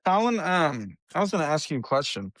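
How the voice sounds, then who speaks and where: A man's voice: on the high side, big pitch swings, fairly quick, fairly bright tone, no echo. A middle-aged man hosting a podcast, chatting casually and rambling with lots of restarts. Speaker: podcast host. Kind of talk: casual chat.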